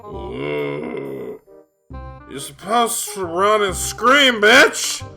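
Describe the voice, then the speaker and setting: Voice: medium pitch, very animated, very slow, vocal fry, bright, forceful tone, faint music behind, full character voice. A comedian voicing a crude, foul-mouthed male ghost painter who swears and blusters in a comedy sketch.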